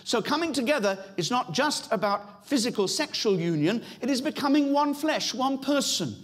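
British preacher guy, highish voice, keeps repeating his points to the church. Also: expressive, normal speed, fairly bright tone. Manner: emphatic preaching with repeated phrases and asides to the congregation. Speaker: pastor. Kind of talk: sermon.

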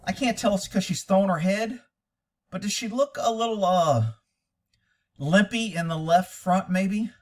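A man's voice: high-pitched, normal speed, recorded from a distance. A man critiquing a training video as a horse trainer, blunt, profane and lecturing.

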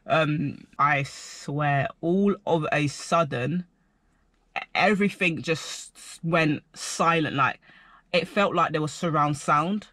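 A young man telling a rambling personal story to camera, animated and full of filler words. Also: on the high side, slow pace, no room sound. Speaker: vlogger.

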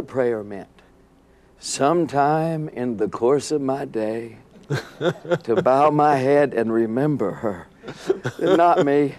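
An animated man tells a story as an interview guest, laughing often and acting out the scenes. His pitch is in the middle of the range.

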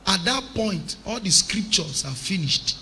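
A man preaching a sermon as an evangelist, with impassioned delivery that swells into shouted emphasis. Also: high voice, expressive, measured pace, slight background noise.

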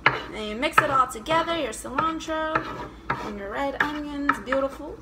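A young woman with a high, bright voice hosts a casual cooking vlog from her home kitchen. She jokes, swears offhandedly and breaks into silly chopping chants. Knife chopping and kitchen noise sit clearly behind her. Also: normal speed. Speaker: comedian cooking vlogger.

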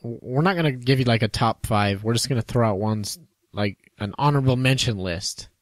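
A man's voice: mid-range voice, normal speed, dry recording. Joking male podcast co-host, dry sound. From United States. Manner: joking, laughs often, trails off and restarts. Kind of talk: casual chat.

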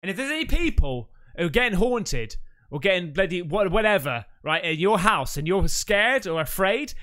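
A man's voice: high-pitched, big pitch swings, normal speed, sharp tone. A man hosting a reaction video, talking in a brash, boastful way and swearing often. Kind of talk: casual reaction commentary.

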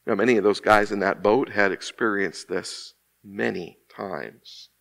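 A man preaching a sermon as associate minister in a church, slow and emphatic, with dramatic pauses and quiet hushed drops. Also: lowish voice, vocal fry. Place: church sanctuary.

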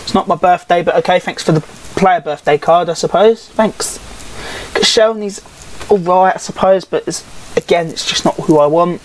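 A woman's voice: fairly low pitch, moderate pace, slight background noise, low-quality recording. A woman giving casual, grumbling, sarcastic game commentary and swearing freely. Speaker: gaming YouTuber.

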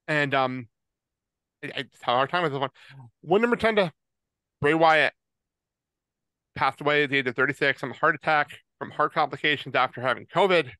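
A man in his forties co-hosting a podcast, halting and choked up, with many pauses and fillers. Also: a little high, bright, forceful tone, clear, resonant tone, no echo. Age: 40s. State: tearful, choked up. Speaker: podcast co-host. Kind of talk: casual podcast chat.

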